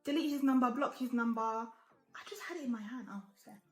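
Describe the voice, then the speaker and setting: A woman's voice: on the high side, a little fast, reverberant. A woman in her twenties chatting casually while getting ready, giving blunt, emphatic advice and swearing freely. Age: 20s. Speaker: lifestyle vlogger. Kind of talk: casual get-ready-with-me chat.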